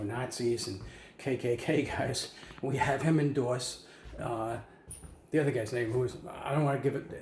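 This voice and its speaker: A man's voice: medium pitch, a little mellow. A man telling a rambling comic story at home, full of fillers and self-deprecating asides. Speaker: comic monologue host. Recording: echoey room with faint noise.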